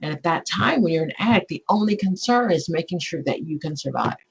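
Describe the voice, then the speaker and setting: A woman, teaching an exam prep class in a chatty, animated way. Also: lowish voice, fairly quick, creaky, slightly rough, poor audio. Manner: chatty and animated, acts out client scenarios. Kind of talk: live online class lecture.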